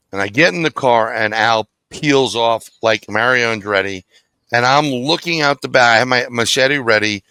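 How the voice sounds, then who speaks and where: A man recounts an encounter as an interview guest, his voice bright and tense, edged with a forceful ring. The recording is close and dry, with no room sound around him. He tells it vividly and bluntly, with an occasional curse. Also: medium pitch, no room sound. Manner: vivid, animated storytelling, blunt and profane. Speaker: guest, paranormal investigator. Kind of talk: storytelling in an interview.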